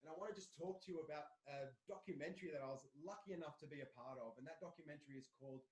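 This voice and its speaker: Aussie guy on a live podcast, kinda high voice, talks earnest and repeats himself, echoey low-quality sound. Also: racing, a little mellow. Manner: earnest and motivational, repeats words for emphasis. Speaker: podcast co-host. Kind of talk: casual live podcast talk.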